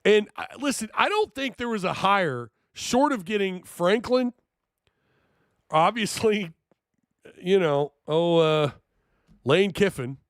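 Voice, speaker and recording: Animated man hosting a sports live stream. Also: high voice, takes it slowly, pauses often, no room sound, clean studio sound. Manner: animated, incredulous, jokey with chat. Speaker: sports talk show host. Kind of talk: live-stream sports talk reading chat.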